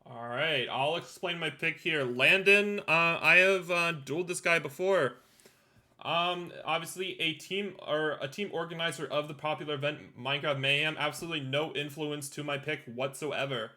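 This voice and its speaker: A young man hosts a live esports draft stream with a bright, forceful voice pitched a little high. He talks in stop-start bursts full of ums and uhs while he keeps the picks moving. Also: normal speed. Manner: hesitant, many ums and uhs. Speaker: draft host and team owner.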